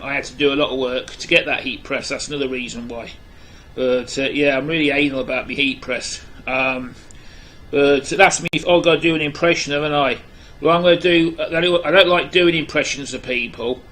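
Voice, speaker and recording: A man's voice: mid-range voice, steady tone, brisk, fairly bright tone, a little hiss or hum, poor audio. An Englishman with an English accent chatting casually to camera as a music vlogger, blunt and opinionated, rambling with plenty of ums and uhs. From England. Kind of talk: casual video chat to camera.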